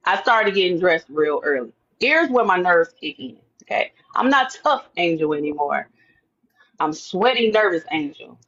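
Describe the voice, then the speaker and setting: A woman telling a lively personal story in an interview, acting out her own thoughts and the other people's words. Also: fairly low pitch, normal speed, dull audio. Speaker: interview guest. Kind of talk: animated storytelling.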